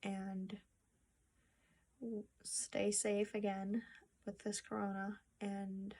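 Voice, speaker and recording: A young woman talking to her phone camera in a personal vlog, soft-spoken and halting, with restarts and sad pauses. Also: medium pitch, monotone. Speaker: vlogger. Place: home room with a treadmill.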